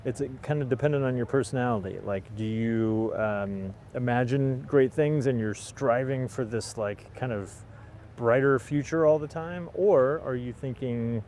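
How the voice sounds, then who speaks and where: A man's voice: medium pitch, moderate pace, darkish tone, a little hiss or hum. Cold man musing on a winter street. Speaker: podcast co-host. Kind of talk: casual outdoor chat. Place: outdoors on a city street in winter.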